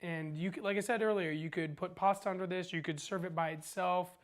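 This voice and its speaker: A woman's voice: on the low side, fairly even intonation, brisk. Chatty woman hosting a cooking show. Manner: upbeat, walks through steps chattily. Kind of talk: casual cooking demonstration.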